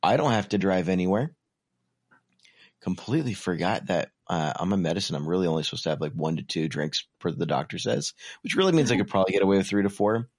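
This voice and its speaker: Young man, very deep voice, dry close sound, casual rambling podcast chat, tired. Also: expressive, fast, hardly any pauses, breathy edge, no room sound. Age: 20s. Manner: rambling, self-deprecating, many fillers. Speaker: podcast co-host.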